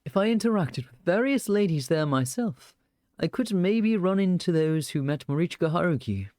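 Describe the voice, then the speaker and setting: A man's voice: high-pitched, animated, moderate pace, darkish tone, no room sound, clean studio sound, voice pushed up. A man voicing a young male main character with a put-on vaguely British accent, narrating a visual novel in the first person.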